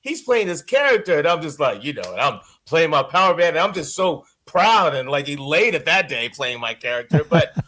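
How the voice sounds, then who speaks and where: A man, a voice-actor guest, chatting in an interview, expressive and rambling, with many restarts. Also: a little high, moderate pace, few pauses. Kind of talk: casual interview chat.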